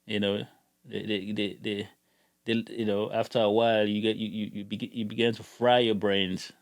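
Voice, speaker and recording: A man's voice: fairly low pitch, little pitch movement, moderate pace, dry recording. Middle-aged male YouTuber, heated rambling rant, dry close sound. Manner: heated, rambling, repeats words when worked up. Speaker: gun channel YouTuber. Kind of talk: casual ranting vlog.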